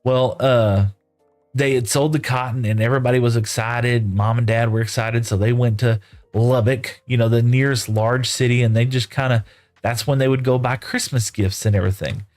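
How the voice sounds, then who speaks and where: A man's voice: medium pitch, steady tone, normal speed, darkish tone. A middle-aged man from West Texas, telling a long rambling story in a folksy, casual way while streaming, full of "you know" and "right?".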